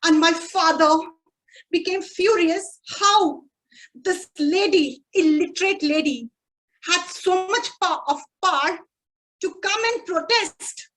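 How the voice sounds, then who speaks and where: A woman with a high voice gives a prepared speech to a speaking club. She speaks slowly and deliberately and pauses for effect. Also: fairly bright tone, poor audio. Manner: slow, deliberate, with dramatic pauses.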